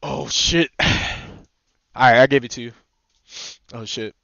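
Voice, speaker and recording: A young man streaming a game, chatting casually with teammates, excitable, swearing and laughing often. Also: mid-range voice, slow pace, creaky, dry recording. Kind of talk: casual gaming chat with teammates. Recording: slightly muffled dry stream mic.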